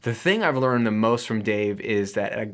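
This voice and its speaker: A man's voice: lowish voice, expressive, moderate pace. Guy teaching mixing to camera, upbeat and chatty, throws in little jokes. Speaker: audio engineering educator. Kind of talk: casual talking-head lesson.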